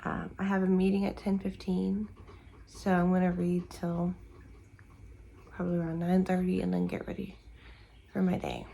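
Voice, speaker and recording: Female book vlogger, sleepy morning chat, low-ish, heavy vocal fry, meandering delivery with lots of fillers. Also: completely flat delivery, normal speed, pauses often, dark tone, low-quality recording. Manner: rambling, searching for words with many fillers. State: sleepy and tired, yawning. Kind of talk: casual morning chat to camera. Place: at home in the morning.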